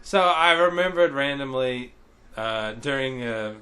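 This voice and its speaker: A man's voice: medium pitch, animated, measured pace, bright, forceful tone, soft background music. A man telling stories in casual chat, swearing freely and mimicking people he quotes. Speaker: podcast co-host.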